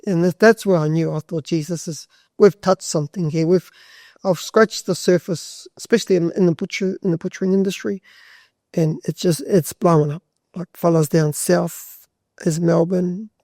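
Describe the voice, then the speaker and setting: Rambling New man with a mellow voice. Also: sits high, no room sound, studio quality. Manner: rambling, swears freely, restarts sentences. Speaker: butcher and charity walker, guest. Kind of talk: casual storytelling.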